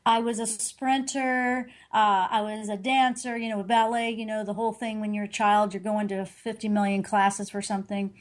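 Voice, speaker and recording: A middle-aged woman with a voice on the high side, an intuitive reader, tells a story during an interview. She's earnest and animated, often restarting and correcting herself.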